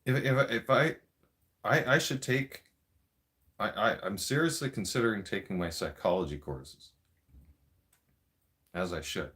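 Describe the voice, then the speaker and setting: A man's voice: fairly low pitch, measured pace, long pauses, a bit bright. A man in a profane, mocking political rant, cursing and repeating himself. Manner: vaping while talking. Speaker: vlogger.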